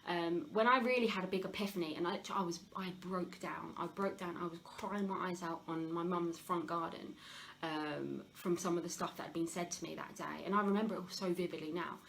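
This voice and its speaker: A woman's voice: fairly low pitch, fairly even intonation, a little fast, vocal fry, fairly bright tone, a little hiss or hum, rough recording. A woman hosting a live health talk, talking openly and confessionally about her past, with many fillers and restarts. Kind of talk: live Q&A, personal sharing.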